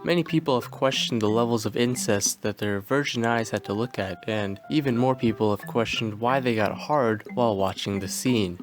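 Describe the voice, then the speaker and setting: A young man giving a dry, deadpan mock-scientific commentary, sounding tired from a late-night home recording. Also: medium pitch. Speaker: video essayist. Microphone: home recording mic. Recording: voice over clear background music.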